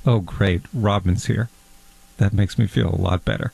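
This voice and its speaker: A prim, easily wounded fondue lover, played by a man with a low, gravelly voice. He explains things pompously and stumbles over his words. He takes every slight to heart. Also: steady tone, normal speed, a little mellow, a little hiss or hum. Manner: pompous, hesitant, easily hurt. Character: fussy, emotional fondue-loving man. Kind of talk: comedy character bit.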